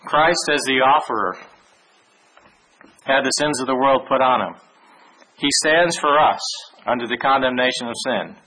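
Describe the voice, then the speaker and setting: Bright, husky-voiced man teaching scripture. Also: mid-range voice, low-quality recording. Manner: measured, reads verses aloud with small restarts. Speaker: Bible teacher. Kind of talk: sermon with scripture reading.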